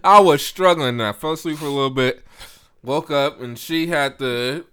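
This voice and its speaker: A man's voice: a little high, moderate pace, bright, forceful tone, smooth. A man co-hosting a podcast, casually reviewing a movie and laughing often as he rants. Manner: laughs often while ranting. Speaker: podcast co-host.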